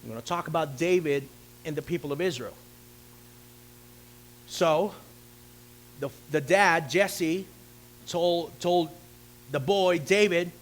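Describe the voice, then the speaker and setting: A male pastor preaching a lively sermon, acting out the story's characters and calling out questions to his congregation. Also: a little high, takes it slowly, long pauses. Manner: theatrical, asks the congregation questions. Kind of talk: animated sermon with acted-out voices.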